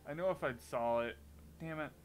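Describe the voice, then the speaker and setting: A man's voice: fairly high pitch, normal speed, soft background music, low-quality recording. A man in casual live-stream commentary while playing a game, chatting and joking with viewers.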